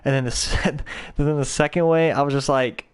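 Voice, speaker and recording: A man's voice: a little high, fairly even intonation, normal speed, clean tone. A young man hosting a podcast, telling a rambling, profane story in a casual, slangy way. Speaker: podcast host.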